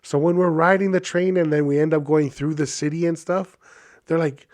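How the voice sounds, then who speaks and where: A man from Hawaii in his thirties, a podcast host telling a casual story in a chatty, animated way with many fillers. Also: a little high, normal speed.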